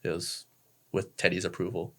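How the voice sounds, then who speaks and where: A man's voice: sits low, level tone, normal speed, pushed and bright. A young man, a podcast guest telling a story casually, laid-back and swearing freely. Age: young adult.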